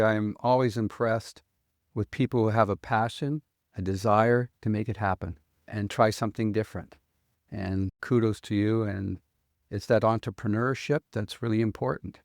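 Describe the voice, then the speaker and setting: A mature man with a Canadian accent, speaking as an interview guest in an earnest, measured way. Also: on the low side, dry recording, clean studio sound. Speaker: guest, economic developer. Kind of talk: conversational interview.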